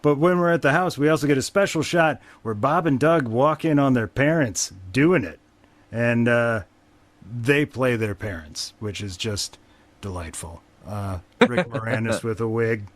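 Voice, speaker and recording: This podcast host's voice sits at medium pitch, and he speaks a little slowly as he casually runs through a film's plot. He swears a lot, rambles with fillers, and keeps a wry tone throughout.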